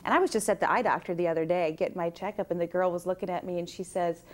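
A woman chatting casually in an interview, a lively storyteller who acts out other people's lines as she tells them. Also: on the low side, very fast. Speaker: actress and guest. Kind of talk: casual chat.

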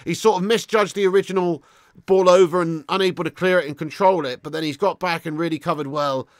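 A man hosting a live football watch-along, swearing freely, swinging between shouts and low mutters, and reading out viewer messages. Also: fairly even intonation, quick pace, no room sound, clean studio sound.

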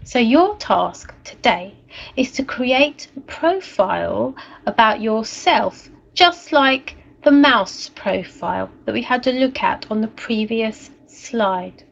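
A woman teacher speaks slowly and gently, reading a story aloud for young children. Her higher voice rises and falls expressively. The recording is dull and lo-fi. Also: animated, gravelly. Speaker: primary school teacher.

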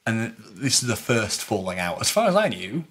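Low husky man telling a story. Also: normal speed. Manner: animated storytelling, acts out quoted voices. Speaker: podcast co-host recounting a LARP. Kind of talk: casual chat.

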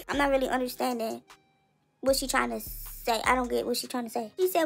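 A woman's voice: a little high, steady tone, brisk, soft background music. A woman hosting a casual commentary show, blunt and slangy, laughing as she talks. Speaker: host.

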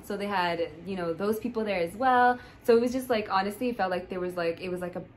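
A woman's voice: mid-range voice, fast, a little hiss or hum, low-quality recording. A young woman vlogger telling a personal story in a casual, rambling way, with many fillers and restarts, and getting emotional.

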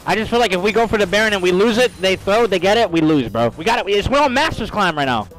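A young male streamer talks over a match in a high, very animated voice. He is profane and hyped and breaks into yells. Loud game music plays beneath him. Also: fast, low-quality recording. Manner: profane, hyped, bursts into yelling. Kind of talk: live gameplay commentary.

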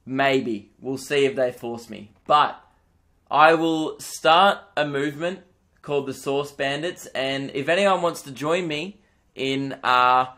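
A man's voice: medium pitch, slow, pushed and bright. A young Australian man hosting a solo comedy podcast, ranting with mock outrage and swearing.

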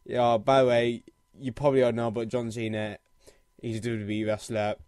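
A man's voice: medium pitch, flat delivery, normal speed, smooth, no echo, clean studio sound. A young man with a sore throat, giving profane, exasperated commentary while playing a game. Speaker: let's play gamer. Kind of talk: casual gameplay commentary. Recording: loud game music underneath. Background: looping clarinet game music.

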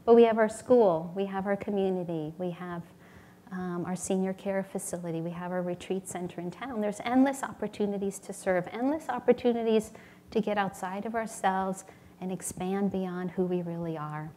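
A woman's voice: mid-range voice, fairly even intonation, normal speed, mellow, slight background noise. A woman giving a sermon at a spiritual community temple, earnest and storytelling, acting out little voices in her anecdotes.

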